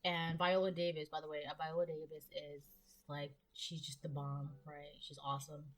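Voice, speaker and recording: A woman's voice: deep voice, level tone, moderate pace. A woman giving a casual tarot reading to camera, chatty and rambling with many fillers and asides. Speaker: tarot reader.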